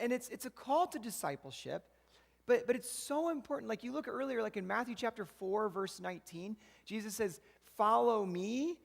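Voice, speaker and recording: Pastor, male, high gravelly voice, chatty preaching style, long church-hall reverb. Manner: conversational preaching with frequent "right?" asides. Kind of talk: sermon.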